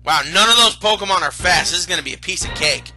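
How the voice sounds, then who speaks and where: A man's voice: sits high, fast talker. A man hosting a video game let's play, commenting sarcastically and reading the characters' lines in silly voices. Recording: game music playing behind.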